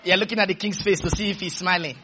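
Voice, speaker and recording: High-voiced shouting male preacher. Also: steady tone, fast, some chatter behind, a little hiss or hum. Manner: emphatic, with sudden shouted bursts and call-and-response; playful storytelling asides. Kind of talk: sermon.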